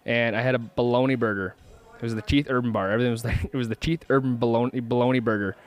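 A man's voice: medium pitch, fairly even intonation, quick pace. A man hosting a casual podcast chat, joking and playful with his guest. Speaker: podcast host.

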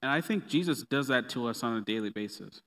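A man preaching a sermon in a relaxed, conversational way with playful asides. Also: mid-range voice, fast talker. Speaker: pastor. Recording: long reverb of a hall.

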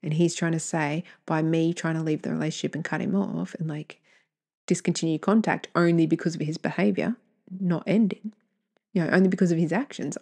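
Deep, gravelly and dark, this podcast host's voice moves briskly with fairly even intonation. She reads emails aloud and reacts bluntly and candidly, swearing freely amid rambling, self-correcting tangents.

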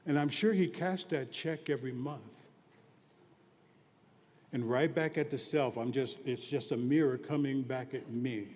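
A man preaching a sermon who drops to hushed near-whispers on some lines and rises to loud, emphatic declarations on others. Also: mid-range voice, a little slow, long reverb tail.

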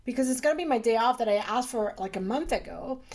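A chatty middle-aged woman with a fairly high voice talks freely in a casual conversation. Her speech is animated and full of fillers. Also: quick pace. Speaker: urologist, guest.

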